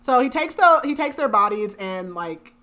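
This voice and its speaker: Bright-voiced, chatty woman podcaster. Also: fairly high pitch, sing-song, moderate pace. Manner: chatty, filler-heavy, laughs often. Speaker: podcast co-host. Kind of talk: casual chat, recapping a book.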